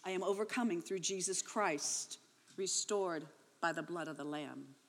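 Speaking unhurriedly in a fairly low voice, a woman in her fifties first reads her daughter's account, then shares her own testimony as her voice rises and breaks with emotion. The big-room sound carries slight background noise.

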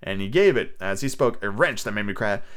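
Man reading aloud, lively pitch. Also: fast, clear, resonant tone. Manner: irreverent asides, swearing, stumbles and rereads. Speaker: audiobook narrator and podcast host. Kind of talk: casual audiobook reading.

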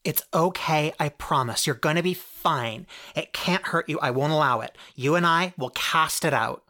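A woman playing a calm, firm guide who talks a frightened friend through casting out a ghost, in steady, reassuring tones. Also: low-pitched, moderate pace. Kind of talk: audio drama acting.

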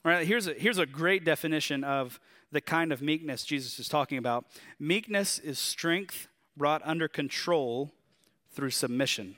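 A man with a Southern drawl delivers a sermon, chatty and lively, throwing rhetorical questions at the congregation. His voice sits a little high and rings bright and forceful. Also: normal speed. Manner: conversational and animated, with rhetorical questions. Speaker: pastor.

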